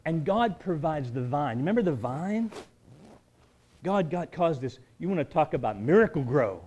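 A man as pastor, preaching a conversational sermon with joking asides and shifts between quiet talk and emphatic build-ups. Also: a little high, very animated, moderate pace, dull audio, slight background noise.

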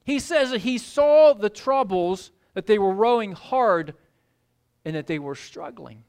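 A woman preaching a sermon, retelling the story in an animated way and repeating words for emphasis. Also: medium pitch, unhurried.

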